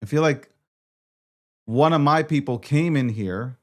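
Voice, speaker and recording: A livestream host grows frustrated while fighting with his setup, swearing and saying the same things over again. His voice is a little high and unhurried.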